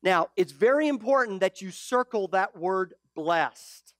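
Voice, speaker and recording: A male pastor preaching a sermon, animated and teasing, full of rhetorical questions. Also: high-pitched, measured pace, no echo, studio quality.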